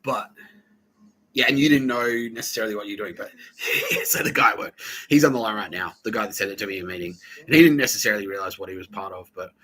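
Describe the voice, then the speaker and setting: Sharp-toned, profane man rambling. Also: lowish voice, fast, breathy edge, poor audio. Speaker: podcast host. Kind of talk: casual storytelling monologue.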